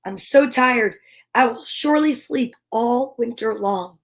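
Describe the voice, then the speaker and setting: Sleepy storybook bear, played by a woman, big male, slow drawl, stubborn, yawning mood all through. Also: a little high. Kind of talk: children's storybook reading.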